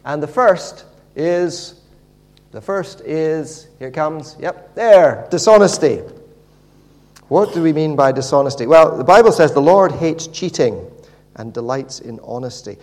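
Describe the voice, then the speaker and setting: A man's voice: on the high side, lively intonation, measured pace, darkish tone. A man preaching a sermon, often stalling and repeating words as he goes.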